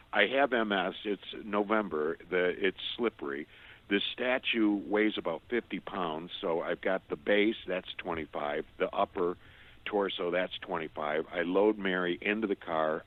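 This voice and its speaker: A middle-aged man guest telling a personal testimony, earnest and often stumbling over repeated words. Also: on the low side. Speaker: radio show guest. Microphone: phone. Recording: tinny phone line.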